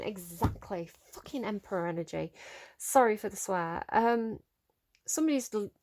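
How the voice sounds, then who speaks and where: A woman talks her way through a tarot reading in a loose, chatty monologue. She is animated, fills her speech with ums and likes, and now and then swears mildly while telling the cards off. Her voice sits at an ordinary middle pitch. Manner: chatty and animated, with many fillers, mild swearing and scolding of the cards. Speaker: tarot reader. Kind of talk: casual spoken tarot reading.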